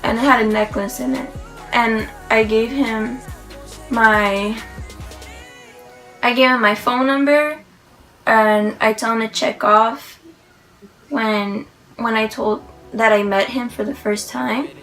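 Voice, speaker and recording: A woman vlogs in a gushing, rambling way, piling up "like" and restarts as she tells her story. Her voice is bright and a touch high, and faint music plays behind her. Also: slow pace, pauses often, low-quality recording. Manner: excited, rambling, gushing, heavy use of "like". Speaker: vlogger. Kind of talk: casual storytelling to camera.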